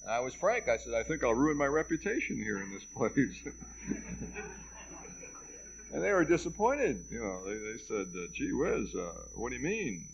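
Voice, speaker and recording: A man's voice: mid-range voice, very animated, moderate pace, vocal fry. Middle-aged man lecturing on old tape. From United States. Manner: wry, dry humor, quoting dialogue. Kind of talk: public lecture with anecdotes. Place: lecture hall at a college. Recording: dull lo-fi reel-to-reel tape with faint hiss and hum.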